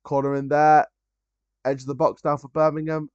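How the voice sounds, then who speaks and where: A man's voice: a little high, level tone, moderate pace, darkish tone, clean tone, no room sound, muffled recording. A man hosting a live football watchalong, chatting casually about the match and other scores, with frequent ums and restarts.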